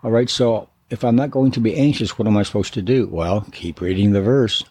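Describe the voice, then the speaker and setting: A man's voice: lowish voice, brisk, a little mellow, slightly rough, no echo. A man, a biblical counselor, giving an earnest, emphatic teaching talk that stresses and repeats key words. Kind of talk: teaching sermon.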